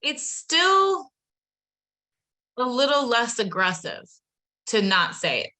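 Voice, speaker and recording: A woman presenting a live online training webinar with a bright, forceful tone. She talks in a chatty, upbeat way and speaks straight to her viewers. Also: fairly high pitch, very animated, takes it slowly. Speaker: webinar presenter training real estate agents.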